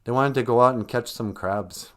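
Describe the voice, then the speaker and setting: A man's voice: mid-range voice, normal speed. A man hosting a livestream, joking and teasing in an ironic, chuckling way. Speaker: host of a language livestream.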